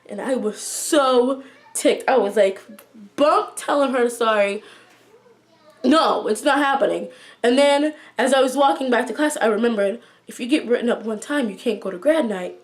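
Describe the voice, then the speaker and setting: A young woman vlogger recounts a school drama to her viewers in a casual, chatty storytime. Her voice sits slightly high, and she acts out what everyone said with lively asides. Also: normal speed. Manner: chatty, animated retelling with acted-out quotes. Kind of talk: storytime vlog.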